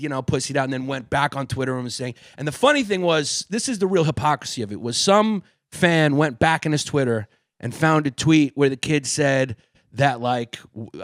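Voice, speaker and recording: A man co-hosting a comedy podcast, telling stories in a crude, animated, profanity-heavy way. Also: on the high side, no echo, clean studio sound. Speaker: podcast co-host. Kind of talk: casual comedy podcast chat.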